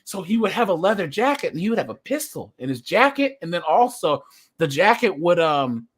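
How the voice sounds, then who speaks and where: High-voiced livestream host. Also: male voice, brisk, husky. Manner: animated, reads viewer names, laughs often. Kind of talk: casual livestream chat.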